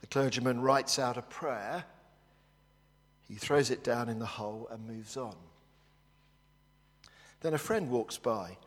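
Earnest preacher in a reverberant church. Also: male voice, mid-range voice, measured pace, long pauses, breathy edge. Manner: earnest, storytelling, hushed in prayer. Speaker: pastor. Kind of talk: sermon.

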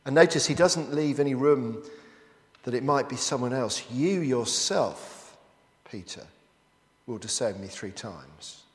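A man's voice: mid-range voice, measured pace. A man preaching a sermon as he works through a Bible passage, often turning statements into rhetorical questions to the listeners. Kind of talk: expository sermon. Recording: echoey hall with long reverb.

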